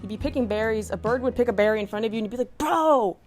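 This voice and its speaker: A woman giving a comedic rant monologue, exasperated, swearing and animated. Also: fairly high pitch, rapid-fire, soft background music. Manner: profane, exasperated, animated ranting. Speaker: comedic commentator.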